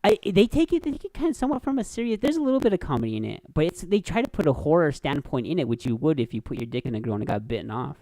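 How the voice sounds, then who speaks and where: A man's voice: a little high, rapid-fire, no echo. A man hosting a podcast, telling crude stories in casual chat, swearing and laughing often. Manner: animated storyteller, laughs a lot, swears. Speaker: podcast host.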